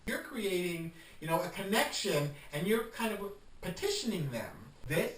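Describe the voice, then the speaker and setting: A chatty, coaxing man with a somewhat high voice hosts a homemade instructional vlog and calls his viewers darling. He sounds set back from the mic, and the room gives his voice a roomy echo. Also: big pitch swings, moderate pace, hardly any pauses, a bit bright, recorded from a distance, a little hiss or hum. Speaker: host demonstrating incense making.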